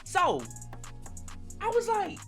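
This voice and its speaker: A young man telling a casual storytime to his viewers, slangy and animated, talking straight to the audience. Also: very high voice, very slow, soft background music. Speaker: storytime vlogger.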